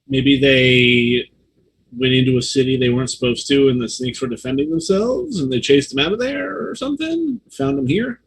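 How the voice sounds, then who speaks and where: A man's voice: mid-range voice, animated, normal speed, vocal fry, a little hiss or hum. A man playing a tabletop game, joking around in a playful way. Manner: jokey, playful. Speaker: player. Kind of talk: tabletop game play, casual.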